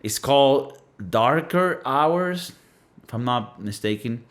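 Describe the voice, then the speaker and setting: A man's voice: mid-range voice, animated, slow pace, fairly bright tone. Blunt, cussing man from Venezuela. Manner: blunt, profane, emphatic with lots of fillers. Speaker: podcast host. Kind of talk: casual monologue.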